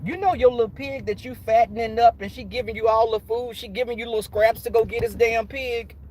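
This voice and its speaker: A man's voice: very high-pitched, steady tone, brisk, a little mellow, a little hiss or hum, poor audio. A man with a cold telling funny stories in a laughing, salty-mouthed way on his livestream. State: has a cold. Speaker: livestream host. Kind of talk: casual storytelling.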